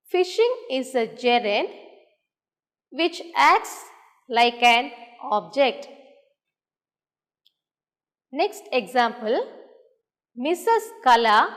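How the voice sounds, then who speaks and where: Slow, deliberate woman teacher with a Tamil English accent. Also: sits high. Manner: very slow and deliberate, dictating examples word by word. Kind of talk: classroom grammar lesson. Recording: roomy hall with long echo.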